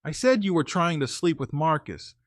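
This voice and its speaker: A man telling a true story in the first person, relaxed and chatty, with a slightly high voice. He speaks straight to his listeners. The sound is dry and close, with no room echo. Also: normal speed. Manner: casual, conversational, talks to listeners as "guys".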